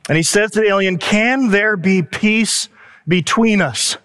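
A pastor giving a sermon, telling a story in an animated way with asides and quick laughs. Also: male voice, high voice, clear, resonant tone, in a large hall.

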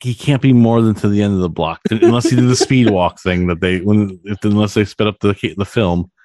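Relaxed male co-host, lowish voice, dry sound. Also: brisk, dry recording. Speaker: podcast co-host. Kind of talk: casual chat.

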